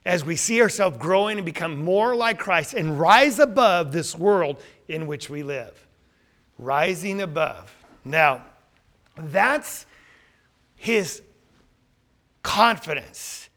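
High, bright-voiced man preaching a sermon. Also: animated, takes it slowly. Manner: earnest, asks the listeners questions and answers them himself. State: losing his voice.

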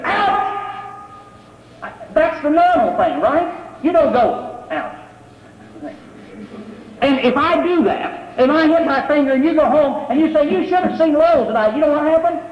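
A man preaches a sermon conversationally, firing rhetorical questions at his congregation in a voice that sits very high for a man. He's expressive and speaks at a moderate pace. The recording is dull and lo-fi, with slight background noise and a roomy echo like a church hall.

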